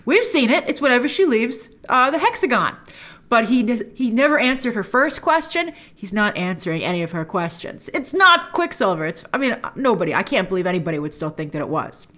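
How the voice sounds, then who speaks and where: Female host, casual reaction recap, bright swooping delivery, fairly high. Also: fairly quick. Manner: animated, jumps into quoted voices of characters. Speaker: host reviewing a TV episode.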